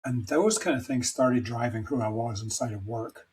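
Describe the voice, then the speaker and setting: A man's voice: mid-range voice, moderate pace, darkish tone, rough recording. A middle-aged man talking as a podcast guest, telling personal stories in a rambling, emphatic, self-deprecating way. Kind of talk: candid conversational storytelling.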